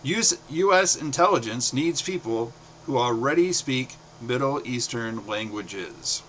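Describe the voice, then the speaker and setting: A middle-aged man from the United States reading his own short stories aloud, in a plain, steady way with brief pauses. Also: mid-range voice, a little hiss or hum.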